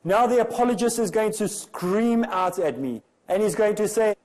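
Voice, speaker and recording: A man delivers a comparative religion lecture, pressing his points with rhetorical questions. His voice sits somewhat high for a man but sounds warm and mellow rather than bright. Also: moderate pace, few pauses, rough recording. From South Africa. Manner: rhetorical, emphatic, many questions.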